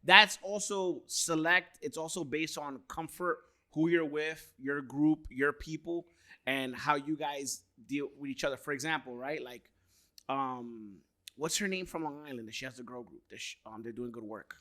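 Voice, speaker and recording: A man's voice: fairly high pitch, normal speed, sharp tone. A man in his thirties co-hosting a podcast, chatting casually and telling stories with frequent laughter. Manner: storytelling, laughing often. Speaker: podcast co-host. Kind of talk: casual chat.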